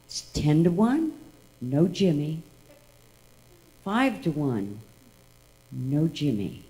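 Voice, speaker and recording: A woman's voice: sits low, sing-song, drawn-out words, dark tone, poor audio. A woman telling a tribute story to an audience at an event, acting out the dialogue as she goes. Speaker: tribute speaker.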